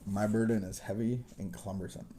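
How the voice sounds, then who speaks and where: A man's voice: lowish voice, fairly even intonation, brisk, noisy background. A man hosting a recovery talk show, telling stories in a rambling, self-deprecating way with chuckles and restarts. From missionary kid raised partly in Southeast Asia. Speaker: recovery podcast host. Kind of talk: casual conversational storytelling.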